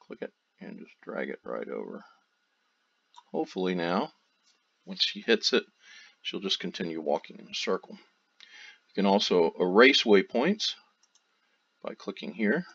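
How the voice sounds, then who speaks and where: A man with a low voice narrating a screen-recorded software tutorial. He walks through each step in a relaxed, loosely phrased way. The audio sounds dull and lo-fi, like a basic desk mic. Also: unhurried, gravelly, long pauses, breathy edge.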